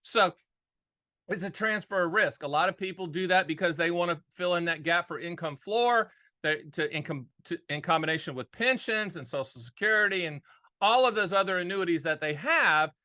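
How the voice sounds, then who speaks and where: A middle-aged man who hosts a casual, straight-talking show about annuities, talking in an energetic, folksy way and repeating his key phrases. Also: high voice, normal speed. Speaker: annuity agent and show host. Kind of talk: casual straight-talk explainer.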